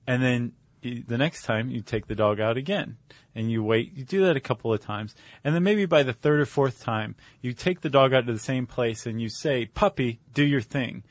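A man co-hosting a chatty podcast, explaining in a relaxed, wry way with the odd filler. His voice sits at an ordinary pitch for a man. The sound is close and dry, with no room around it. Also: normal speed, no echo. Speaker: podcast co-host. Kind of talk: casual chat.

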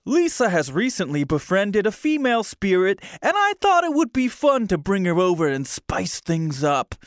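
A giddy, corny lover boy with a put-on New Jersey accent, as a man fakes it while reading aloud. The voice jumps up high and loud in a swooping sing-song, with a smooth tone and a dry sound. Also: wildly swooping pitch, normal speed, dry recording. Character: corny, eager man in love with a ghost.

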